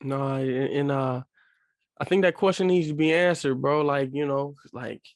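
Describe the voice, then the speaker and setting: A man's voice: mid-range voice, normal speed, no room sound, studio quality. A man co-hosting a podcast in casual chat, talking earnestly and repeating key phrases for emphasis. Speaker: podcast co-host.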